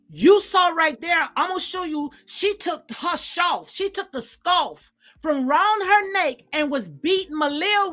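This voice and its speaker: A woman hosting a reaction commentary, her voice sitting high. She talks straight to her viewers, pressing and repeating her points with emphatic insistence. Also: a bit bright. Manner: emphatic, repeats phrases, addresses viewers directly. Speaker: commentary channel host. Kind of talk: reaction commentary on viral clips.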